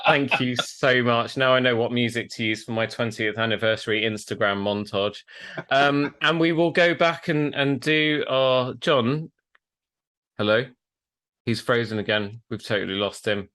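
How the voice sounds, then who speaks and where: A man hosts a relaxed podcast over a video call. His voice sits in a middle register, and he talks in a chatty way and laughs easily between scripted bits. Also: medium pitch, a little slow. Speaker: podcast host and tailor. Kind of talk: casual podcast chat.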